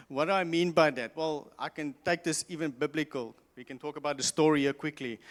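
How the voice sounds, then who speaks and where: A man's voice: fairly high pitch, fairly even intonation, brisk, few pauses. A man preaching a sermon from the stage of a large church, emphatic, repeating his key lines and often stumbling and restarting. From South Africa. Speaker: pastor. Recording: long church hall reverb.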